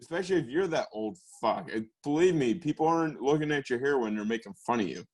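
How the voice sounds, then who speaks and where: A man's voice: mid-range voice, lively intonation, fast, darkish tone. A young man co-hosting a podcast in casual chat, rambling and profane, laughing often. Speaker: podcast co-host.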